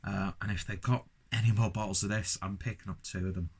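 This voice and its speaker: Rambling beer-reviewing Londoner, low voice. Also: male voice, fairly even intonation, a little fast, a little mellow, breathy edge. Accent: London English. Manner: enthusiastic, rambling, self-mocking asides. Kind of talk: casual beer review monologue.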